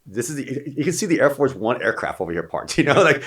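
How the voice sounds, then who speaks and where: A man's voice: medium pitch, big pitch swings, quick pace, a bit bright, slightly rough. A middle-aged man, a Marine veteran, telling long anecdotes in a casual, rambling way with many restarts. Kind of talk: casual storytelling.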